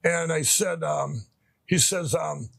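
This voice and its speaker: Gravelly, husky middle-aged man telling a story. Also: a little high, takes it slowly, fairly bright tone, dry recording. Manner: rambling, restarts often, emotional retelling. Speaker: interview guest. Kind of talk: conversational storytelling.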